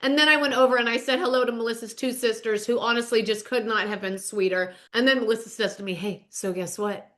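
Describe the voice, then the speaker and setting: A woman's voice: a little high, steady tone, fast talker, few pauses, fairly bright tone. A middle-aged woman hosting a podcast, telling a story in a chatty, emphatic way and often calling out to her listeners. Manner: chatty, emphatic, addresses listeners as "you guys". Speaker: podcast host. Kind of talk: casual storytelling commentary.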